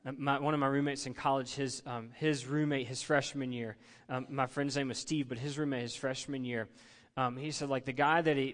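Long, large-hall reverb surrounds a middle-aged pastor as he preaches conversationally in the church sanctuary, prompting his congregation to call and respond. His voice is mid-range and a bit bright.

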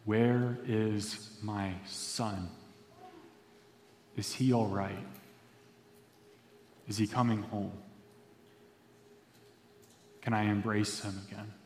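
A man voicing a grieving older male king who pleads slowly and quietly for his son. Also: lowish voice, level tone, a little hiss or hum. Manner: slow, pleading, subdued. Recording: echoey hall reverb.

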